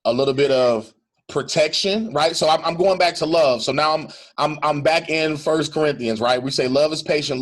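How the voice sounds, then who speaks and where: A middle-aged male pastor talking earnestly in a reflective conversation, repeating phrases for emphasis. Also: a little high.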